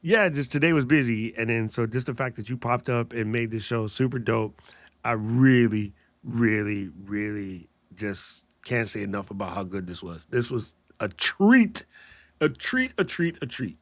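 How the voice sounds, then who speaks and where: A man's voice: on the low side, lively intonation, normal speed, no echo. Joking man hosting a livestream. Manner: joking, laughs often, slangy. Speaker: podcast host. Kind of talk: casual livestream chat.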